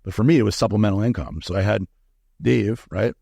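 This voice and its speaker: A middle-aged man talks candidly in an interview, swearing freely and acting out the lines of the people in his story. His voice sits low and crackles with fry. The sound is dry and close. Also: a little fast, dark tone, no echo. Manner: candid, profane, acts out quoted dialogue. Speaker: guest, supplement company founder.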